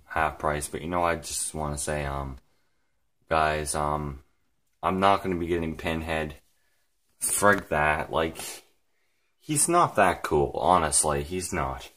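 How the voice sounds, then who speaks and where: A man vlogging casually, rambling with lots of fillers, excited and emotional to the point of near tears. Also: rumbling low, slow, pauses often. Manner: rambling, heavy use of "like" and "frickin'". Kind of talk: casual vlog talk.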